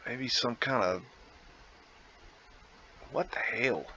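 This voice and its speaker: Slow rambling guy musing over photos, kinda muffled lo-fi audio. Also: fairly low pitch, bright, forceful tone. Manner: rambling, musing aloud with laughs. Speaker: vlog host. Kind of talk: casual photo commentary.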